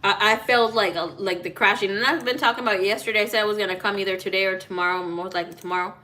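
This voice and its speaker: In a mid-range, sharp voice with fairly even intonation, a tarot reader rattles off rapid-fire chat to her live viewers through a phone. She addresses people by name, swears openly, and mixes in Spanish greetings.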